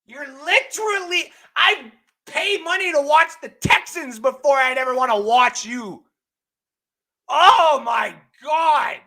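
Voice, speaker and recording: A young man hosting a live sports stream, ranting loudly and profanely and often shouting. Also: very high-pitched, measured pace. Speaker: host.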